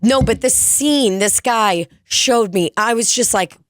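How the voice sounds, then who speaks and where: A woman's voice: fairly high pitch, a little slow, no room sound, studio quality. A woman in her thirties co-hosting a comedy podcast, telling profane stories in casual chat and laughing often. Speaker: podcast co-host.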